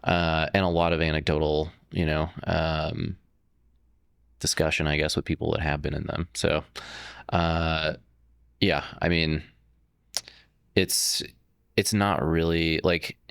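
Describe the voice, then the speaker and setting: A man's voice: a bass voice, flat delivery, takes it slowly, gravelly, long pauses, fairly bright tone, smooth, no echo, studio quality. A man, a startup founder, talking as a guest in a casual interview, rambling with many fillers and restarts.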